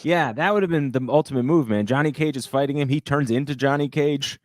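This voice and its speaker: A man's voice: mid-range voice, a little fast, no room sound, studio quality. Wry, laid-back male podcast co-host. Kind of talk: casual comedic banter.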